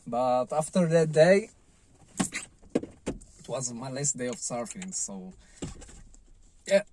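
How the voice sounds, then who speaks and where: Slow-talking man telling a surf story. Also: mid-range voice, very animated, noisy background. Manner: loose, rambling, with many "like" and "you know" fillers. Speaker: surfing vlogger. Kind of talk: casual vlog storytelling.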